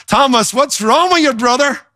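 A man's voice: very high-pitched, expressive, moderate pace, bright, forceful tone, dry recording, studio quality, pitched above the performer's own voice, full character voice. A male preacher voicing pushy disciples who coax a doubting friend to believe. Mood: insistent. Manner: insistent, coaxing.

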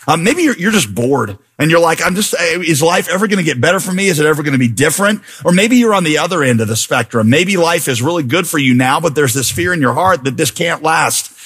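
A middle-aged man preaching a sermon as pastor, animated and rising to near-shouts when reading scripture. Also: a little high, breathy edge.

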